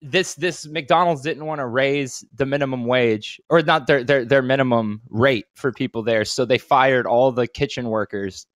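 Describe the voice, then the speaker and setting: With a medium pitch and normal speed, this male co-host barely pauses as he spins animated stories on a casual podcast. He swears often and does voices, and the recording is clean, echo-free studio sound.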